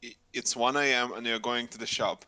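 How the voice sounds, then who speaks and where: A man's voice: mid-range voice, fairly even intonation, fairly quick, bright, forceful tone. A man narrating a tabletop game as game master, hesitant with fillers while describing scenes.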